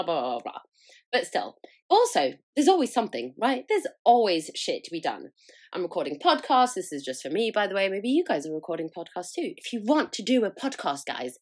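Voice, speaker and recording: Chatty, giggly woman podcaster. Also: medium pitch. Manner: giggly, chatty, self-mocking. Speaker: podcast host. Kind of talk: casual solo chat.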